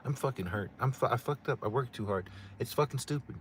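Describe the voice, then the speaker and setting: A middle-aged man talks in loose, profane casual chat, stumbling and restarting his sentences often. His voice sits at an ordinary male pitch, and a faint hum of noise lies under it. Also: quick pace, a bit bright. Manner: profane, rambling, many restarts. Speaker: livestream co-host.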